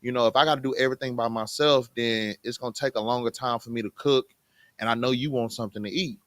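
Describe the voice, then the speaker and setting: A man voicing a calm wife who politely asks her husband for help around the house. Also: medium pitch, quick pace, no echo, voice pushed down, lightly acted. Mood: pleading gently. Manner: soft, polite and patient.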